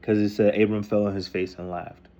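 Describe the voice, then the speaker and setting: This man's voice sits fairly low with little pitch movement, and he speaks briskly in a warm tone, though the recording's highs are cut off. Reading scripture passages aloud and then paraphrasing them in crude, loose slang, he rambles through the story casually.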